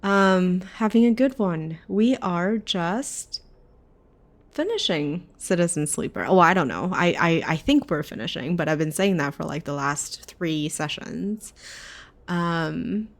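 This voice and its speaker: A woman's voice: on the low side, measured pace. A woman game streamer reading a game aloud and chatting casually with viewers, often correcting herself. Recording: clear background music.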